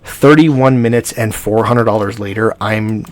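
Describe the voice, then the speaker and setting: A vlogger rambles through a story in a casual vlog, animatedly acting out the people in it with quoted dialogue. His voice is lowish, and his pace is measured.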